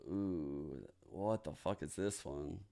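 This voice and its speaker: Hosting a watch party on a livestream, a New Orleans man chats casually with a very deep, creaky voice at a slow pace. He jokes, swears, and reacts out loud.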